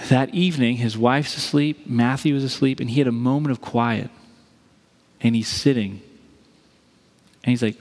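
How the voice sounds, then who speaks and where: A man's voice: mid-range voice, a little slow, a little mellow, in a large hall. A male pastor delivering a conversational sermon, telling a story and acting out the voices of the people in it.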